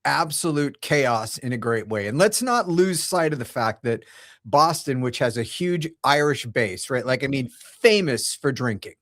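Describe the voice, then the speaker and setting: A man's voice: medium pitch, lively intonation, normal speed, fairly bright tone. Man chiming in on a podcast. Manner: short affirming interjections, conversational. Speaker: podcast co-host. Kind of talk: casual chat.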